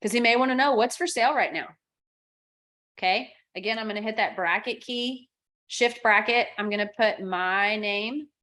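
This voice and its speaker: Woman talking through a software tutorial. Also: mid-range voice, normal speed. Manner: talks through clicks step by step, acts out client texts. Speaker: real estate software coach. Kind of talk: screen-share software tutorial.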